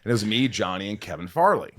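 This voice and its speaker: A man hosting a podcast tells an emotional story at a quick pace in casual conversation, acting out what people said with big pitch swings. The recording is clean studio sound with no room ambience.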